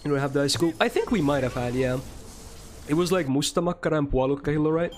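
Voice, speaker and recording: A man's voice: on the high side, fast, a little hiss or hum. A young man streaming a game and chatting casually with his viewers, answering their questions in a rambling way and swearing freely.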